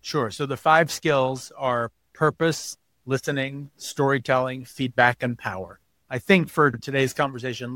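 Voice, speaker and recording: As a podcast interview guest, a man explains things at length and acts out quoted voices while telling stories. His mid-range voice is fairly bright, with no room sound.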